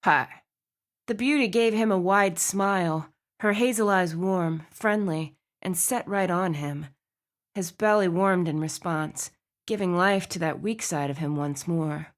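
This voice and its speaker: A woman reading a romance novel aloud as audiobook narrator, with expressive storytelling. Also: lowish voice, unhurried. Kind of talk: scripted narration.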